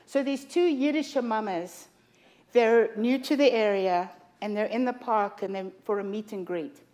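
A woman's voice: a little high, unhurried, a little mellow. A middle-aged woman preaching a sermon in church, telling personal stories in a humorous, confiding way. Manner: humorous, confiding storytelling with laughs.

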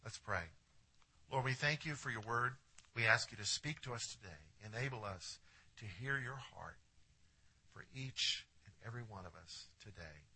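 Husky-voiced male pastor preaching. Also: medium pitch, moderate pace. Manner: preaching with wide swings from hushed to emphatic; addresses the congregation directly with questions. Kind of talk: sermon.

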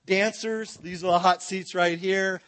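A man's voice: sits high, fairly even intonation, a little slow, a bit bright. A man teaching a Bible seminar in a church, joking with and directing his audience.

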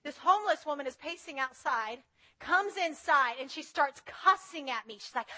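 A woman's voice: high voice, animated, moderate pace, bright, forceful tone, rough recording. A woman preaching a sermon in an earnest, conversational way, telling personal stories. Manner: earnest, conversational, tells anecdotes.

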